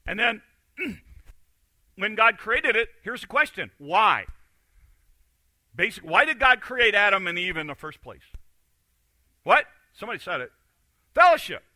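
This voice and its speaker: A man preaches a sermon in a church with a very bright, slightly high voice, recorded close and dry. He is animated, acts out the voices he quotes, and swings from quiet to loud. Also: dry recording. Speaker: pastor. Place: church sanctuary.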